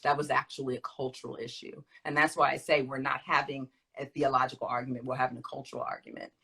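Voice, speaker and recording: An emphatic woman guest teaching in a conversational way, her voice bright, forceful and somewhat husky. She talks animatedly and stresses her points hard, often laughing between them. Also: rumbling low, level tone, fast talker, poor audio. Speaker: guest speaker.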